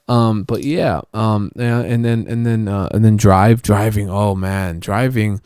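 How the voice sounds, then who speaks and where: A man's voice: fairly low pitch, steady tone, unhurried, hardly any pauses, a little mellow, smooth, dry recording. A young man hosting a podcast alone, rambling casually and swearing constantly, with lots of restarts. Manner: profane, rambling, many restarts. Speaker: podcast host.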